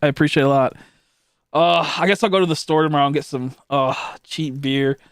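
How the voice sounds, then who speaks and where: A man's voice: a little high, brisk, clear, resonant tone, no echo, studio quality. A young man streaming live, chatting casually and rambling with lots of swearing, fillers and restarts while he thanks viewers.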